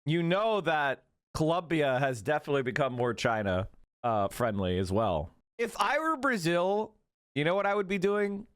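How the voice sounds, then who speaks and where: A man streaming casually to his chat, animated, sarcastic and profane. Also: a little high, normal speed, dry recording, studio quality. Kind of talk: casual livestream commentary.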